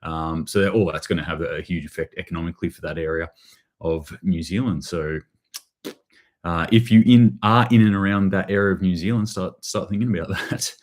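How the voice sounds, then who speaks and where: A man with a low, deep voice talks through the news in a loose live-stream commentary. He rambles and often restarts his phrases, with a sardonic edge. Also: brisk. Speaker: host.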